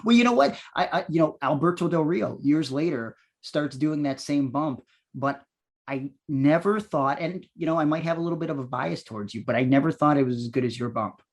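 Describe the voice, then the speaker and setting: A man's voice: on the high side, fairly quick. Man, podcast host, easygoing, laughs along, asks questions. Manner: laid-back, laughs along, asks follow-ups. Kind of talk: casual interview chat.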